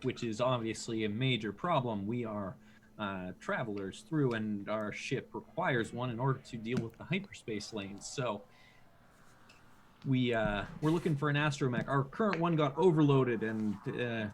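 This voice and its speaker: A man's voice: mid-range voice, moderate pace, a little hiss or hum. A man playing his character in a tabletop game, speaking politely and hesitantly with many fillers. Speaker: player. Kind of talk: in-character tabletop role-play.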